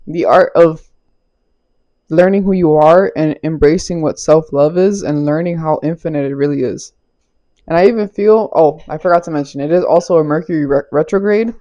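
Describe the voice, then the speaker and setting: A woman's voice: deep voice, warm tone, lo-fi sound. A young woman giving a casual spiritual tarot reading, loose and chatty, laughing often and swearing casually. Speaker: tarot reader. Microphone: small clip-on mic.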